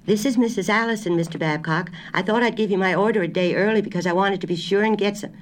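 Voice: medium pitch, big pitch swings, brisk, pitched above the performer's own voice. A reader voicing a patient older wife who speaks politely and placatingly, raising her voice a little, in a storybook reading. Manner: polite, placating, slightly raised voice.

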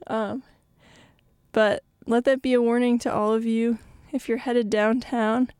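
A woman's voice: on the high side, flat delivery, measured pace, darkish tone, clear, resonant tone, no room sound, studio quality. A young woman hosting a live radio show, a little out of breath and chatty, with plenty of ums. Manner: chatty, rambling, many ums. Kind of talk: casual live radio talk. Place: radio studio.

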